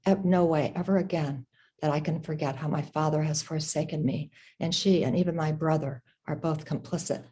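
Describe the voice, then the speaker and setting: A woman reading her prose aloud at a literary event, in a measured, slow, dramatic way. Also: sits low, warm tone. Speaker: reader.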